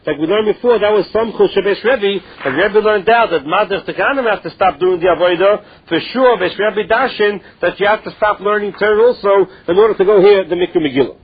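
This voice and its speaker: A man with a high, husky voice teaches a Talmud lesson. He reads a phrase and then explains it in English. The sound comes through a thin, tinny phone line. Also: a little fast, few pauses.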